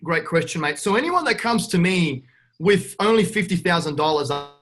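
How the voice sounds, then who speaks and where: A man's voice: high-pitched, expressive, normal speed, fairly bright tone. A man with an Australian accent being interviewed on a podcast, brash and upbeat, calling the host "mate" again and again. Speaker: guest real estate investor.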